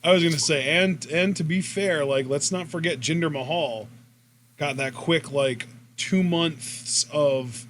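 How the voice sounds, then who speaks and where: A man's voice: a little high, unhurried, a little hiss or hum. A man co-hosting a wrestling podcast in casual commentary, rambling and swearing as he retells matches. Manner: rambling, profane, animated retelling.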